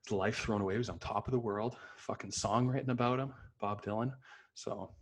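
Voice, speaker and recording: A man with a somewhat low voice chats through his film picks in a loose, unscripted way. He swears freely, fills pauses with ums, and gushes about what he loves. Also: steady tone. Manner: loose, profane, enthusiastic with many fillers. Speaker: podcast host reviewing films. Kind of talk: casual spoken review.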